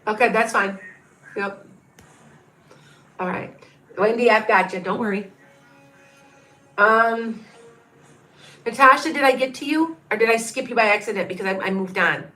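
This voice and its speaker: A woman's voice: medium pitch, measured pace, pauses often, bright, forceful tone, faint music behind. A middle-aged woman giving psychic readings on a live stream, rambling and repeating herself as she thinks aloud and reads out viewers' names. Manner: reads out viewer names and counts under her breath. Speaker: psychic reader on a livestream.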